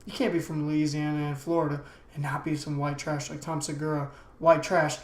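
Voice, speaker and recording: Fairly quick and on the high side, with little pitch movement, this young American podcast host rambles through his casual solo show. His slang leans hard on "dude" and "man," and the room is echoey.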